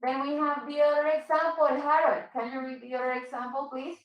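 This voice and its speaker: Female teacher, high voice, patient and slow with examples, echoey room. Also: steady tone, recorded from a distance. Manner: patient, repeats and explains slowly, switches into Spanish. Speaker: English teacher. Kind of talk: online English class for Spanish speakers.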